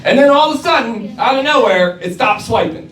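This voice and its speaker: A man's voice: very high-pitched, lively intonation, a little fast. A man doing a stand-up comedy set in a club, telling brash, swearing stories with quoted voices. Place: comedy club stage before a live audience. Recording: roomy club recording from a distance, crowd laughter.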